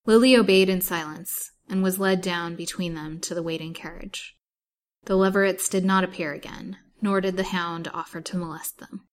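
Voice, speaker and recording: A woman reading a serialized novel aloud as a storyteller, in steady, even narration. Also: on the low side, normal speed.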